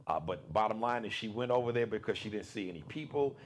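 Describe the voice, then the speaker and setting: A man hosting a live political commentary show, talking in an emphatic, repetitive monologue that swings between loud bursts and low asides. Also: animated, fast, slight background noise.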